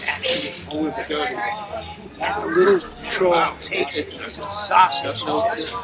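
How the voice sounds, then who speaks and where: An animated male storyteller tells a folk tale, acting out each part in a high voice. He is heard from a distance. Loud music plays behind him. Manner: animated, acts out the parts. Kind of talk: folk tale told to an audience.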